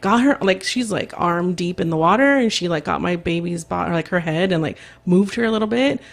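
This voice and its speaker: Her voice is fairly low and creaky, and she talks fairly quickly. She's a woman in her thirties guesting on a podcast, animatedly recounting a story in casual talk and voicing the people in it.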